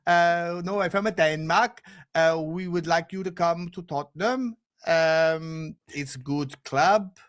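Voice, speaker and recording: A man's voice: a little high, voice pushed down. A man playing a bland, hesitant football director in a put-on Scandinavian accent. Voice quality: halting, flat, hesitant.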